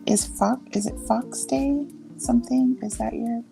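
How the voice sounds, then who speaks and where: Creaky-voiced, curious woman guest. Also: a little high, steady tone, a little slow, poor audio. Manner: friendly, curious, laughs and jokes. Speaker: guest on a livestream chat. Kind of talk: casual chat. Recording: faint music behind.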